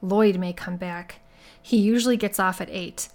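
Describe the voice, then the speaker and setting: A woman's voice: mid-range voice, steady tone, moderate pace, darkish tone, natural voice. Kay, a woman voicing a wary worn-out woman. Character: tired nervous woman in her forties, defensive.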